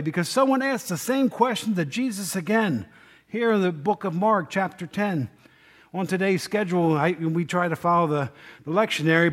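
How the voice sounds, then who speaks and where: Pastor guy preaching casual, jokey, keeps asking the church stuff, voice sits kinda high. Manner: chatty, jokes and asks the congregation questions. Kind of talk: conversational sermon.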